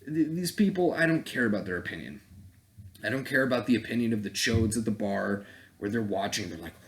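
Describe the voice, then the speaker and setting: A man's voice: lowish voice, expressive, brisk. A man vlogging as a dating coach in a casual, profane rant, blunt and breaking into laughing asides.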